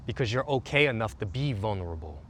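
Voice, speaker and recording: A man with a lowish voice leads a guided relaxation session, speaking slowly and soothingly. He sounds calm and unhurried. A faint hiss of background noise sits under his voice. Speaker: stretch and relaxation instructor.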